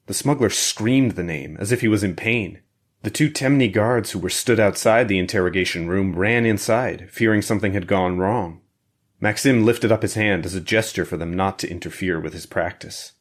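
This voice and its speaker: A man reading an audiobook thriller in a steady, measured narration. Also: sits low.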